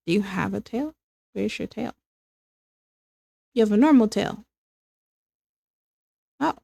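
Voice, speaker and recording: A woman's voice: medium pitch, animated, slow, gravelly, dark tone, no room sound, studio quality. A young woman chatting casually as she draws on a stream, rambling with lots of fillers and breaking into laughs. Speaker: streamer and illustrator. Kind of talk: casual chat while drawing.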